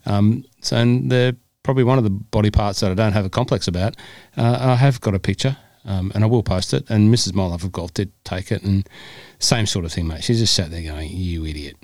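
A man hosts a casual podcast with a low voice that sounds dry and close to the mic. He jokes, rambles and laughs easily with his co-hosts. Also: brisk, darkish tone, no echo. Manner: jokey, rambling, laughs often. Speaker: podcast host.

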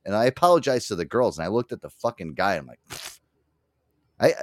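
A man hosting a talk show, telling a story in a loose, profane, animated way. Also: fairly low pitch, fast, no room sound, studio quality. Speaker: radio show host. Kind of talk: casual chat.

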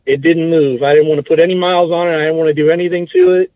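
A man's voice: a little high, lively intonation, very fast, no room sound. Male guest, casual talker who restarts and corrects himself, dry thin phone audio. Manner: rambling, self-correcting recollection. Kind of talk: casual interview chat. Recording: tinny phone-like line, dry.

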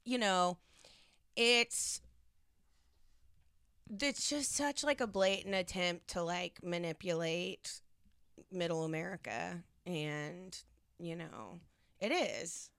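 A young woman co-hosting a podcast in casual chat, animated and quick with jokes. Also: fairly low pitch, smooth, no room sound, studio quality. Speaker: podcast co-host.

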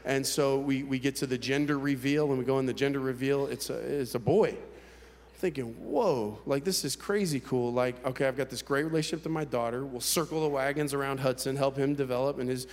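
A man's voice: medium pitch, steady tone. Candid preacher man in a reverberant hall. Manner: candid, conversational storytelling with halting restarts. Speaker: pastor. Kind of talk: personal testimony sermon.

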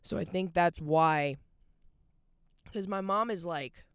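A woman's voice: fairly low pitch, slow pace, clear, resonant tone, no room sound, studio quality. A young adult woman hosting a podcast alone, talking openly and rambling, with "like" in nearly every phrase. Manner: open and confessional. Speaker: podcast host. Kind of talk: candid solo podcast monologue.

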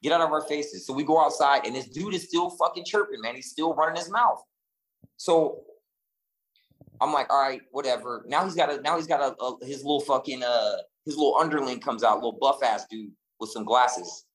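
Profane, animated male storyteller. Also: medium pitch, moderate pace, poor audio. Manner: animated, profane, rambling with restarts. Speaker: podcast co-host. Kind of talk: casual storytelling chat.

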